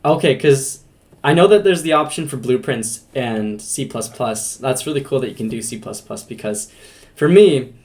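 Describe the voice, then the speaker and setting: A man's voice: medium pitch, animated, normal speed, darkish tone. A man hosting a casual podcast interview, asking rambling questions and laughing easily. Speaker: podcast host.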